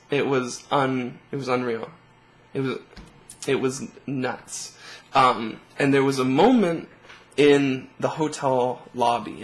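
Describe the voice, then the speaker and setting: Young male vlogger, earnest and emotional, mid-pitched, soft trailing delivery. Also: poor audio. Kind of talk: personal storytelling to camera.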